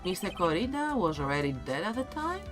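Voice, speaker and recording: A man's voice: sits high, very animated, brisk, music in the background, pitched above the performer's own voice. Man reading an earnest young lawyer. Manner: earnest, questioning. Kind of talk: reading game dialogue aloud.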